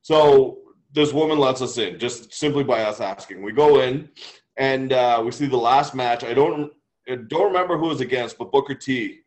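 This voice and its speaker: A man from Canada, co-hosting a podcast, telling a long, loose story in casual chat. He keeps dropping "like" and "uh" as he goes. His voice sits at an ordinary middle pitch. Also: normal speed, darkish tone, low-quality recording. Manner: rambling anecdotal storytelling, lots of "like". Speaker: podcast co-host.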